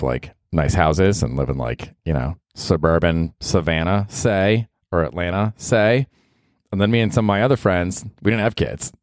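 A low-pitched, slightly mellow male voice comes through clean studio sound without echo. He's a podcast host in his forties from the US South, chatting on his own in a profane, meandering style and laughing often.

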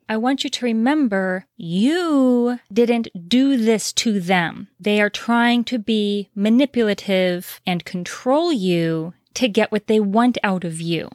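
A woman's voice: a little high, measured pace, hardly any pauses, dry recording, clean studio sound. Earnest woman giving relationship advice. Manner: earnest, reassuring, emphatic repetition. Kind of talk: direct-to-camera advice talk.

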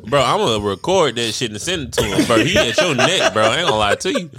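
A man's voice: mid-range voice, sing-song, quick pace, a loud crowd. A young man co-hosting a casual podcast, blunt and teasing, full of slang. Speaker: podcast co-host.

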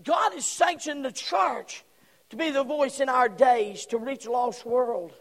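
Man, pastor, fiery sermon, shouts then hushes, lingering hall reverb. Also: very high voice, measured pace. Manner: fiery preaching, swings from shouts to hushed tones. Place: church sanctuary. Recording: long church hall reverb.

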